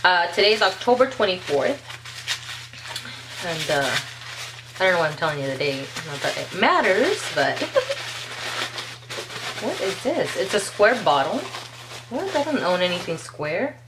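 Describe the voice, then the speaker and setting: A woman vlogger chatting casually as she unboxes nail polish, gushing and excitable, talking straight to her viewers. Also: on the low side, measured pace, pauses often, noisy background.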